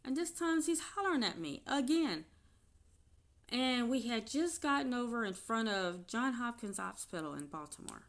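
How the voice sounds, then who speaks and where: A woman vlogger telling her own story off the cuff, candid and halting, turning animated as she retells events. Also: fairly high pitch. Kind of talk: unscripted personal storytelling.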